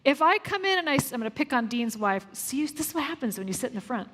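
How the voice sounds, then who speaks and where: A woman leading a live parenting workshop, lively and asking the audience questions before answering them herself. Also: high voice, fast talker. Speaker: parenting coach. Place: large room with a live audience. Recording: long hall reverb.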